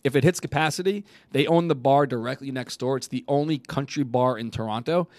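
A man's voice: mid-range voice, darkish tone, no room sound. Casual New man hosting. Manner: casual, laughs easily, reads ads briskly. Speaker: podcast host. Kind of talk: casual chat and ad read.

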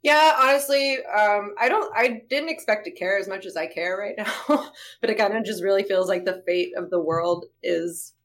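A woman's voice: mid-range voice, moderate pace, a bit bright. Plain-voiced podcast woman. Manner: plain-spoken, easy laughs. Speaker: podcast co-host. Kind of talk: casual chat.

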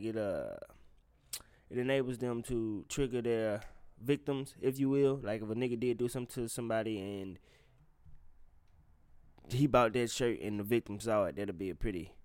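Man, podcast host, casual chat, blunt, profane, medium pitch, dry sound. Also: moderate pace, long pauses, darkish tone, clean tone, dry recording. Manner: blunt and profane, talks straight to listeners.

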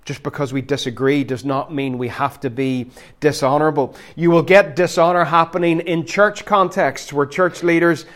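A middle-aged man preaching a sermon as pastor, animated and emphatic, sometimes laughing. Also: a little high, normal speed.

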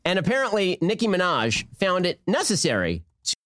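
Sarcastic male commentator, lively pitch. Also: no room sound. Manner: dry sarcasm, brisk delivery. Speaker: political commentator. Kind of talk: sarcastic commentary from a played clip.

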